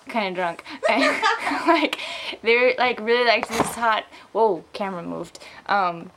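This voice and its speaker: A woman's voice: medium pitch, a bit bright, slight background noise. A young woman vlogging in a casual, rambling way, tipsy and giggly, with lots of fillers, recorded on a handheld camera mic. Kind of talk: casual rambling vlog rant.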